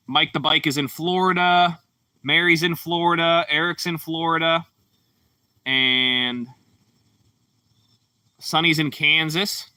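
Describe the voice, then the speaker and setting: A man hosts a relaxed livestream, wandering from comment to comment with plenty of ums and you-knows. His voice is very bright and a little forward in tone. He sits back from the microphone in a dry, dead room. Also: on the high side, no echo, distant mic. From Pittsburgh, Pennsylvania. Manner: laid-back, rambling, frequent fillers. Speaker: livestream host. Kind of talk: casual livestream chat reading comments.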